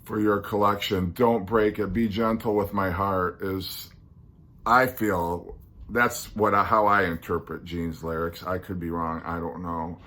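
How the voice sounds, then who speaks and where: A man with a deep, low voice hosts a casual solo podcast. He talks things through slowly and earnestly, trailing off into ums and restarting his sentences as he goes. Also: little pitch movement, bright, forceful tone. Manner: musing, hesitant, earnest, many ums and restarts. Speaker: podcast host.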